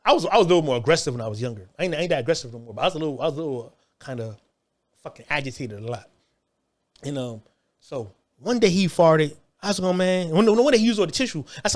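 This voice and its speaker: Man, casual storytelling, fast, lively pitch, slightly high voice, profane, repeats himself. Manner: animated, profane, repeats words and restarts.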